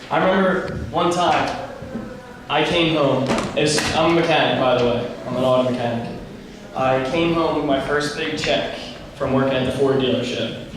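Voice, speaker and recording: With a mid-range voice over background noise, a young youth speaker casually tells a rambling story to a youth group in a large room. He's animated and acts out the dialogue. The sound is heavily echoey, as if heard from far off.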